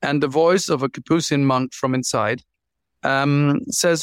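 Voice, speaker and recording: A man guest author telling stories in an interview, animated, often restarting and repeating words. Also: medium pitch, unhurried, clean tone, dry recording. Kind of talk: interview storytelling.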